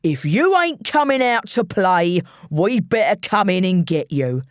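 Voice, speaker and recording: A woman voicing a menacing male gangster with a London accent, taunting in a slow, mocking drawl. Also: on the low side, very animated, dry recording, clean studio sound.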